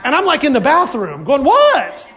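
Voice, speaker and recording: A man preaching a sermon at a church service, lively and acting out the voices of his congregation. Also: extremely high pitch, normal speed, some chatter behind. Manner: animated, acts out congregation voices. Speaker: pastor.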